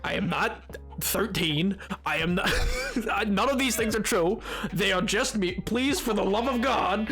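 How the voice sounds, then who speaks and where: A man streaming a game live and chatting with his viewers, hoarse from hours of talking, animated and self-mocking, breaking into laughter often. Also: high voice, unhurried, soft background music. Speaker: livestreamer. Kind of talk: casual gaming livestream chat.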